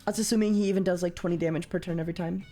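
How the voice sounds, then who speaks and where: Soft music plays behind a young woman from Canada who talks very fast in a steady tone while streaming a card game. Her casual chatter is broken up by sudden loud, high exclamations.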